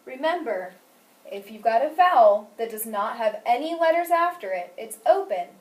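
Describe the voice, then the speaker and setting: A woman teaches a phonics lesson in a bright, higher, animated voice with lots of lift, speaking clearly and deliberately and stressing each example word. The room is echoey and the mic is set back at a distance.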